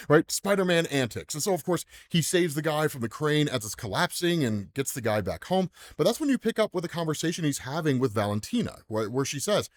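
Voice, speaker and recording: A man's voice: fairly high pitch, lively intonation, fairly quick, hardly any pauses. An American man hosting a comics commentary channel, chatting casually and tacking "right?" onto his sentences. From United States. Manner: chatty, says "right?" constantly, laughs often. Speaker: comics explainer channel host.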